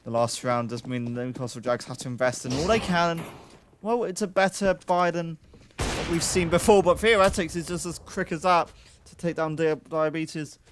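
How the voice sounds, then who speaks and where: Chatty male esports caster, slightly high voice. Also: steady tone, moderate pace, noisy background. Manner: chatty, joking asides between calls. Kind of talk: live play-by-play commentary.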